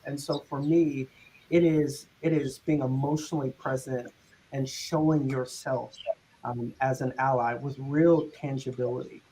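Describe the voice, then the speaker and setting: A man speaking earnestly and reflectively as a panelist, pausing and restarting as he thinks. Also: mid-range voice, a little mellow, slight background noise, poor audio. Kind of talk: panel discussion.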